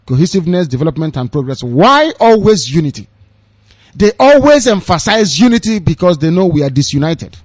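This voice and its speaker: Speaking with a Nigerian accent in a fairly high voice, this radio broadcaster berates listeners with sarcastic, fiery political talk. The sound is dry, dull and lo-fi.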